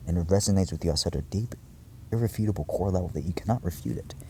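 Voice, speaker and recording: A low-pitched man talks straight to his viewers in a long, wandering monologue. His delivery is intense and profane, full of fillers and restarts. A faint hiss sits under the recording. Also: fast, warm tone. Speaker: vlogger addressing his viewers. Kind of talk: rambling spiritual monologue.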